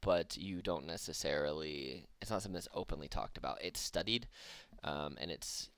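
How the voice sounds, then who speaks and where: A man running a tabletop game as game master, his very low, gravelly voice moving slowly through hesitant explanations. He pauses often and fills gaps with fillers. The sound is close and dry. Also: a bit bright, dry recording.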